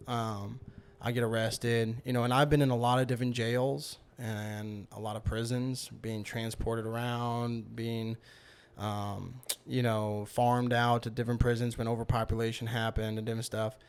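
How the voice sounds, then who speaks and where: Guesting on a podcast, a man tells a long personal story in a casual, rambling way, full of "you know" and "like". His medium-pitched voice is smooth, with little pitch movement and a moderate pace.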